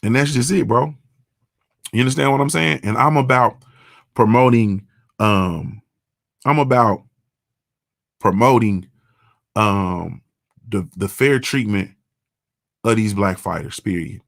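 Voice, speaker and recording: A man's voice: lowish voice, takes it slowly, gravelly, pauses often, no room sound, clean studio sound. A man, hosting a morning show and talking bluntly and profanely in a casual monologue. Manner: blunt, profane, repeats "you understand what I'm saying".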